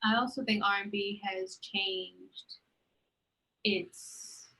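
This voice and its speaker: A young woman co-hosting a podcast talks slowly in a medium pitch, recorded roughly. Her stories in the casual chat are animated, and she acts out what people said.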